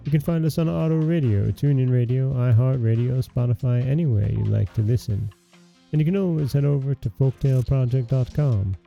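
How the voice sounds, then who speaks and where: A man hosting a folktale podcast, reading a fairy tale aloud in a measured, gentle storytelling way. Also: mid-range voice, creaky, highs cut off, soft background music. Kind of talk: scripted narration.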